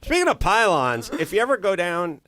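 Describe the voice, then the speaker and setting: A man's voice: sits high, very animated, normal speed, pushed and bright. A man hosting a podcast, riffing through a swearing comedic rant full of tangents. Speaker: podcast host.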